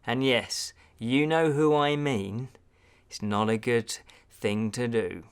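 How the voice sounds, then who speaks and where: A man's voice: mid-range voice, slow, smooth. A man giving a casual film review, chatty and digressive with wry asides.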